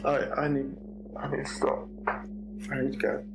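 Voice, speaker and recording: A man's voice: mid-range voice, completely flat delivery, measured pace, low-quality recording. A man in a recorded police interview, speaking hesitantly with many ums and restarts. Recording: archive interview audio with music under it.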